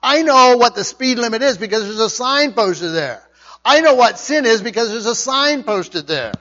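A man's voice: very high-pitched, lively intonation, moderate pace, pushed and bright, muffled recording. A man preaching a conversational sermon, repeating his points with emphasis. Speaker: pastor.

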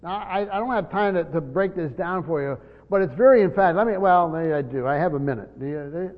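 A high-pitched male pastor preaches a verse-by-verse sermon, earnest and insistent, hammering key words and doubling back on phrases. The recording is dull and lo-fi, and his voice rings through a church hall with a long reverb tail. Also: animated, fast talker. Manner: earnest, repeats words, stresses key words, voices imagined speakers.

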